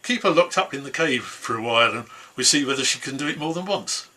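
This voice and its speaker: Brief: cautious bear chief in a folk tale, husky, bright tone, a man voicing him. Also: mid-range voice, lively intonation, heavily acted. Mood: pondering. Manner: unhurried and deliberate. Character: slow, deliberate male bear chief.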